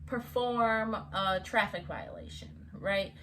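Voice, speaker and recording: A woman co-hosting a casual storytime chat, animated, laughing often and restarting her sentences. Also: medium pitch, slow pace, a little hiss or hum, poor audio. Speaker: co-host telling a story.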